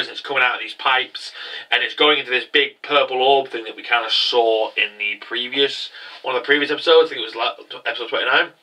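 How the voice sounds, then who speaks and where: A man hosting a casual anime episode review, talking in an excitable, rambling way with lots of stammered restarts. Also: fairly high pitch, distant mic.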